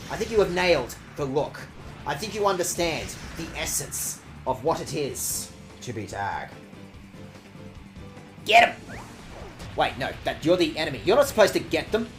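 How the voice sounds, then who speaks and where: Casting: male game streamer, lively pitch swings, sarcastic banter, salty language. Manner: animated, sarcastic, swears often. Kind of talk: casual game streaming chat.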